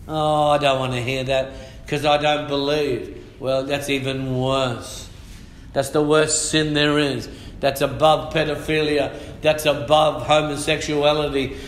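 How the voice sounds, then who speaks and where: A middle-aged man, preaching a fiery sermon in church, sometimes shouting. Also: medium pitch, flat delivery, a little slow. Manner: fiery, shouting and humming out rhythms. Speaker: pastor. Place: church hall. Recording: echoey church hall.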